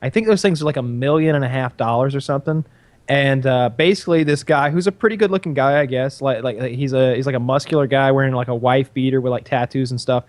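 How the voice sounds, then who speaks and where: A man's voice: mid-range voice, fast, darkish tone, no room sound. A man co-hosting a podcast, rambling through a story in casual chat, with many fillers and restarts. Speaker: podcast co-host.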